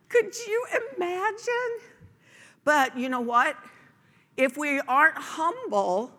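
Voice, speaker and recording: A woman pastor preaches with a bright, forceful voice, driving home her points through rhetorical questions. Her words ring out with a long reverb, as in a large church hall. She sounds earnest and emphatic throughout. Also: on the high side. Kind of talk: sermon.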